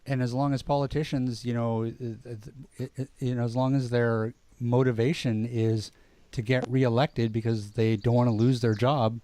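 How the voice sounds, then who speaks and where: Mellow-voiced male podcast co-host. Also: medium pitch, level tone, normal speed, no echo. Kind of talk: casual conversation.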